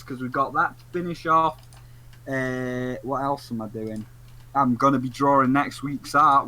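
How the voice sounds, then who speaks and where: A man hosting a casual podcast chat, animated and joking, slipping into theatrical asides. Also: medium pitch, low-quality recording. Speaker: podcast host.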